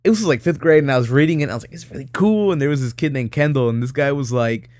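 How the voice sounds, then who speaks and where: A man's voice: medium pitch, rapid-fire, darkish tone, no room sound, studio quality. A young man, chatting casually on a podcast, rambling through a story with lots of laughs and swearing. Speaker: podcast co-host. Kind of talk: casual chat.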